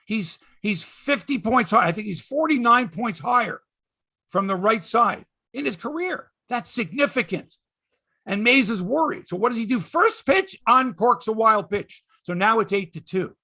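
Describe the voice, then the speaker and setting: A middle-aged man hosts a sports show in an exasperated, emphatic rant. His voice sits high and bright, with a husky, gravelly edge, and it swings widely in pitch. He swears for emphasis and drops from loud bursts to low grumbles. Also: animated, moderate pace. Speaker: sports podcast host. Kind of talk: ranting sports commentary monologue.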